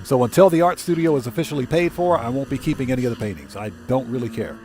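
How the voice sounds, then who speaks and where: A man's voice: medium pitch, fast talker, faint music behind. Laid-back man streaming games. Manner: relaxed, answers chat, chuckles often. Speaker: livestream gamer host. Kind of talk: casual livestream commentary.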